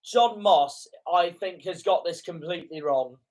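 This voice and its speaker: This young man's voice is high and a little mellow, and he speaks a little slowly while reacting live to a football match as a fan commentator. The referee's calls often leave him indignant and swearing.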